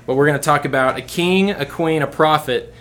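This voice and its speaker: A man's voice: fairly high pitch, fairly quick, a bit bright. A young man giving an informal sermon to a youth group, rambling and repeating words as he restarts his sentences.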